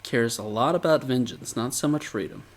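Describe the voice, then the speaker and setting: A man co-hosting a podcast, recapping episodes in a casual, animated way and laughing often. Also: medium pitch, moderate pace.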